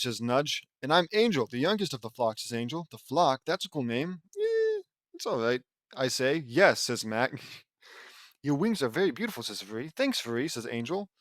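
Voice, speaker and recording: This is a casual audiobook of a man's own fan fiction, delivered in a medium-pitched, somewhat bright voice with lively intonation at a moderate pace. The dry recording comes from a close home mic, and he peppers the reading with joking, sarcastic asides.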